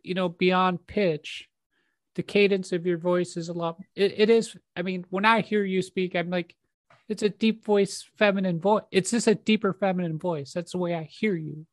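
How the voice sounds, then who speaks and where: A woman's voice: lowish voice, fairly even intonation, moderate pace, no room sound. A woman hosting a podcast, talking in a loose, encouraging way and full of "you know" fillers. The sound is dry and close, with no room around her voice. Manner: warm, encouraging, conversational with many fillers. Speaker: podcast host. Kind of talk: casual chat.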